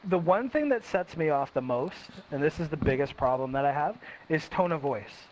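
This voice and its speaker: A man's voice: on the high side, expressive, normal speed. A man hosting a casual chat, talking emphatically and repeating himself as he reflects. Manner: emphatic, repetitive self-reflection. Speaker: host. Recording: dull lo-fi sound with faint hiss.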